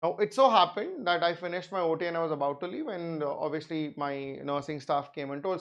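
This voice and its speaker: Indian English accent, middle-aged man, surgery lecture, lively storytelling, acts out dialogue, slightly high voice. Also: brisk, lo-fi sound. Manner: animated storyteller, acts out dialogue, mixes in Hindi. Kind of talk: medical lecture with anecdote.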